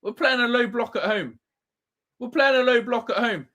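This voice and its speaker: A man's voice: extremely high pitch, moderate pace, bright, forceful tone. A man hosting a live football watch-along, ranting and swearing in exasperation at his team. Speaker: fan channel host.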